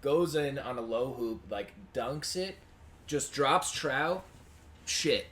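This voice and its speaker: A young man co-hosting a podcast, telling stories in a casual, profane, animated way and jumping loud for the parts he quotes. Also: medium pitch, slow. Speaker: podcast co-host. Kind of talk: casual storytelling chat. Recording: amateur podcast audio with faint noise.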